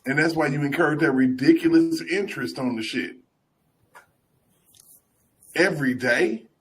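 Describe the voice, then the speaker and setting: A man in casual podcast chat, animated, laughing often and swearing freely. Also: fairly high pitch, unhurried.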